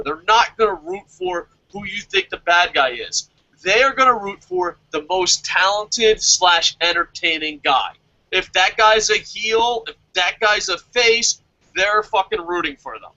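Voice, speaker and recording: A man co-hosting a wrestling podcast, talking excitedly in casual chat, swearing constantly and laughing often. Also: high voice, measured pace, highs cut off. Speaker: podcast co-host reviewing a wrestling show. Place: lives in Japan.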